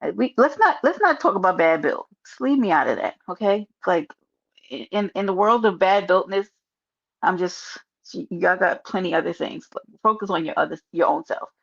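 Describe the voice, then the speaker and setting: A woman's voice: lowish voice, sing-song, normal speed, gravelly, husky. A woman with a New York accent hosting a casual livestream, chatting sassily and reading her chat aloud. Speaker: livestream host. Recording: dull lo-fi stream audio.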